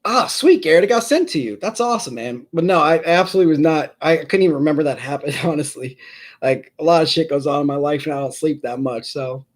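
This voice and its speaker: A man hosts a casual sports card live stream, chatting at length in a fairly high voice. He rambles through his points, pokes fun at himself and calls out viewers in the chat by name. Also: expressive, quick pace.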